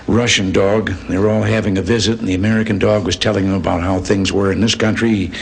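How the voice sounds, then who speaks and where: A man's voice: lowish voice, fairly even intonation, fast, creaky. An older man giving a speech full of folksy anecdotes, told with dry humor. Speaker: public speaker. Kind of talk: joke-filled speech. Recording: long hall reverb, faint noise.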